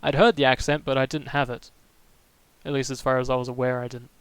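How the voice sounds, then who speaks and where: A young man from Melbourne, chatting casually on his live stream with many halting restarts, answering viewers' comments. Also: medium pitch, level tone, clear, resonant tone, dry recording, poor audio. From Melbourne, Australia. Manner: rambling, halting, restarts sentences often.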